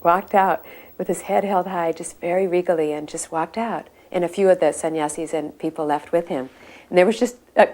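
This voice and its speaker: A woman telling a personal story in a conversational way, her voice growing livelier and higher as the tale builds. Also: fairly quick. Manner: conversational, rises to excited high pitch as the story builds. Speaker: devotee recalling memories.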